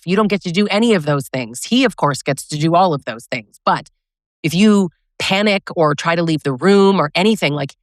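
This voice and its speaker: A woman's voice: fairly low pitch, lively intonation, moderate pace, no echo, clean studio sound. A woman relationship coach giving blunt, sarcastic advice, acting out quoted lines as she talks. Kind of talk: direct-to-camera advice talk.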